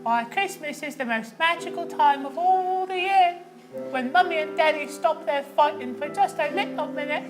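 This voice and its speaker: A woman's voice: sits high, moderate pace, close to an everyday voice. A woman playing a sickly little boy with an old-timey New York accent, talking in quaint, earnest, old-fashioned phrases in a live improv comedy show. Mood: wistful. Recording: live stage with music.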